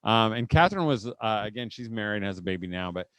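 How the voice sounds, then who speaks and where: Onstage before a live crowd, this middle-aged Indiana man tells humorous parenting stories in a folksy style, chuckling frequently and acting out scenes from family life. He talks fast and animatedly in a lowish, slightly bright, clear and resonant voice, captured in a dry recording.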